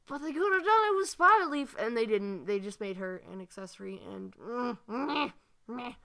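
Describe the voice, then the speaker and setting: A woman's voice: a little high, bright, forceful tone. A woman ranting in a frustrated, sighing way as she talks through her analysis, with lots of fillers. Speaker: fan analysis video maker. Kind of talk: ranting commentary.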